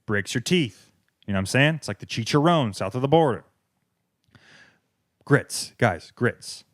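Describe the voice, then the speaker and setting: A man's voice: mid-range voice, animated, unhurried, no echo. Man, podcast host, sarcastic profane rant, clip-on mic, dry sound. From American South. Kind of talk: comedic rant. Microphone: wireless clip-on mic.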